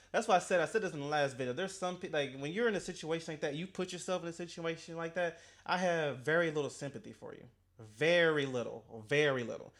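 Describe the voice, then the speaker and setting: A man hosting a reaction video, talking back at the clip in an animated, casual way and often stumbling and restarting his sentences. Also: on the high side.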